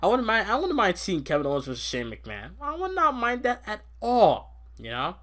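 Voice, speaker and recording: Young man, fairly high voice, excitable, rambling, casual podcast chat. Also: fairly quick. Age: young adult. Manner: excitable, rambling, laughs often. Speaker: podcast host. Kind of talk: casual wrestling recap chat.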